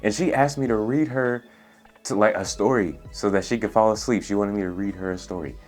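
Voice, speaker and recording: A young man in his twenties telling a story in a casual, laid-back way, using lots of slang and filler words, with a soft, soothing voice. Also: lowish voice, a little fast, faint music behind. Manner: laid-back, profane slang, says "bro" and "like" a lot. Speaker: storytelling vlogger. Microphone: USB studio microphone.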